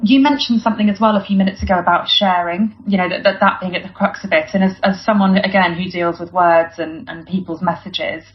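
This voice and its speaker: A woman from Britain hosting a podcast interview, chatty and quick to laugh, with lots of fillers. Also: on the low side, steady tone, soft background music. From United Kingdom. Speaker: podcast host. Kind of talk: conversational interview. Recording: dull lo-fi audio.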